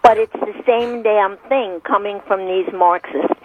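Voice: medium pitch, background noise. Lecturing radio guest on a dull line. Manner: emphatic, lecturing, slow stressed phrases. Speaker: political commentator guest. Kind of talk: opinionated radio commentary.

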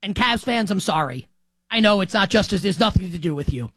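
High-voiced new guy ranting about sports on his show, super fired up, dry close sound. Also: a little fast, gravelly, no echo, rough recording. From New York. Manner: excitable, ranting, emphatic. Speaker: sports talk show host. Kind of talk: animated sports talk monologue.

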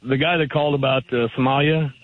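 A man's voice: mid-range voice, fairly even intonation, fast talker. A man from Missouri calling in to a radio show, arguing his point in a rambling way with fillers. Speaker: radio caller. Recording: gravelly voice over a tinny phone line.

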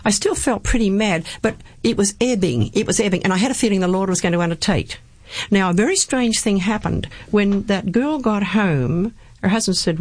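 A woman's voice: mid-range voice, moderate pace, a little mellow, dry recording. A woman talking earnestly as an interview guest, telling a personal faith story and quoting scripture. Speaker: guest speaker. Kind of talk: personal testimony in conversation.

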